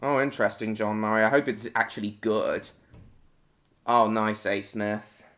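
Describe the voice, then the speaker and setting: A man's voice: lowish voice, fairly even intonation, moderate pace, a bit bright. A British man hosting a casual live stream, greeting viewers by name and answering chat comments in short, broken phrases.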